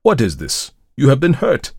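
Hoarse man as an anguished old priest for a storybook reading, voice raised higher and loud. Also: expressive, a little fast, no echo, studio quality. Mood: alarmed. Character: distraught, remorseful old male priest.

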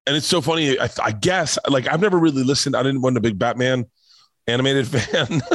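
A man's voice: mid-range voice, a little fast, no echo. A middle-aged man telling stories in a casual podcast chat, rambling and swearing, getting choked up as he talks. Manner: rambling, profane, gets emotional and choked up. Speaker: comedian guest on a podcast.

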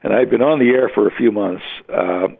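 An older man from Western Canada, a veteran radio announcer, telling his story in an oral history interview with halting, rambling restarts. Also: fairly low pitch, vocal fry. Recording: phone-like narrow sound.

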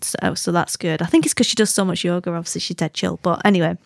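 A woman's voice: lowish voice, steady tone, fast, gravelly, no echo, studio quality. A woman hosting a podcast in a casual, rambling way, full of slang and self-deprecating asides. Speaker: podcast host. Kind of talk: casual chat.

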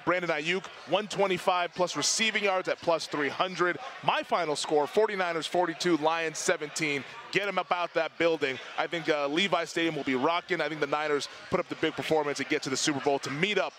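A man co-hosting a sports betting show, with a bright, forceful, slightly high voice. He lays out his picks with confidence and makes bold calls. A light noise sits in the background. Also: a little fast, hardly any pauses. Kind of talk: casual betting analysis.

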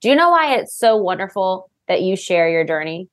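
A woman hosting a casual conversation, pouring out effusive praise for her guest. She sounds tearful and talks in long, rushing runs of thought. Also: mid-range voice, sing-song. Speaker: podcast host. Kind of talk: casual chat.

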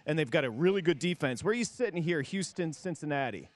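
A man hosting a sports show, tossing brisk, teasing questions to the panel. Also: on the high side, lively intonation. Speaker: host.

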